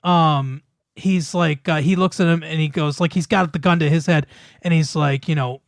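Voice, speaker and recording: A man with a fairly high voice tells a film's plot in loose, rambling chat, stumbling through fillers and restarts and laughing often. He swears casually as he goes. The sound is dry and close, with no room echo. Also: fairly even intonation, normal speed. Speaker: podcast co-host.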